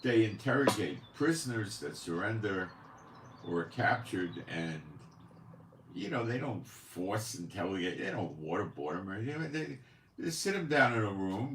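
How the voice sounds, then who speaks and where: Speaking at a normal speed, this channel host's lowish voice swings widely in pitch and has a fairly bright tone, recorded with reverb and a little hiss or hum in his Israeli home studio. He rambles conversationally through casual commentary, throwing in many asides and rhetorical questions.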